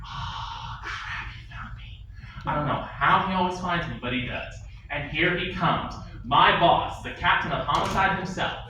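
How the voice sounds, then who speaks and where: A man's voice: fairly high pitch, normal speed, hardly any pauses, sharp tone, a little hiss or hum. A man doing a stand-up comedy set in a bar, telling a story with chatty asides to the audience. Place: bar and grill stage. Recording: echoey bar room, distant mic.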